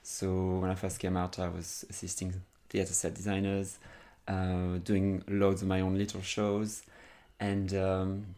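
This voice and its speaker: A man's voice: deep voice, monotone, measured pace, mellow. A man from France with a French accent, a guest in an interview, cheerful and laughing, with frequent hesitations. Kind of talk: conversational interview.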